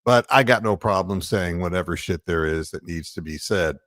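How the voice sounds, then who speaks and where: A man's voice: low voice, moderate pace, fairly bright tone, dry recording, clean studio sound. A man from Ohio hosting a casual sports talk show, rambling and heated, full of fillers and mocking quotes. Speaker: podcast host.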